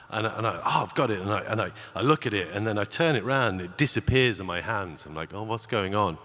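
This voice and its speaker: A man's voice: fairly low pitch, a bit bright. A man speaking on stage at a conference, telling a personal story in a chatty way with many restarts and acted-out quotes. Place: large conference hall. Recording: long reverb of a large hall.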